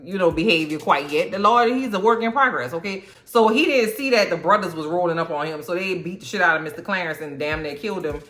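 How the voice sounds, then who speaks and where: A woman with a bright, forceful voice gives a casual movie recap. She talks with sass and slang, keeps tossing in asides, and her tone stays lively the whole time. Soft music sits far back in the mix. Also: on the low side, fast talker, few pauses. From American South. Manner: sassy, slangy and animated, with frequent asides. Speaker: movie reviewer.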